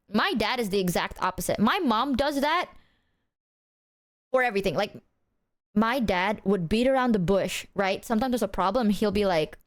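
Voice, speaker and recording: A woman talking straight to her stream chat in a loose, rambling way, full of slang and casual swearing. Her voice sits high and leaps around a lot in pitch. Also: very animated, moderate pace. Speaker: livestreamer.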